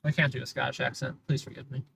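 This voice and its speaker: A man's voice: medium pitch, level tone, fast, creaky, bright, forceful tone, a little hiss or hum, poor audio. A man livestreaming casual, sarcastic commentary from inside his car as he drives city streets, complaining about other drivers.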